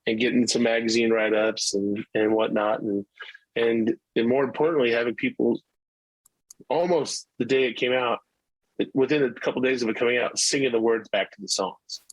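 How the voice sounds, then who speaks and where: A man's voice: mid-range voice, fairly even intonation, moderate pace, no room sound, poor audio. A middle-aged male musician telling stories in a casual interview, rambling with many restarts. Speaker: musician guest.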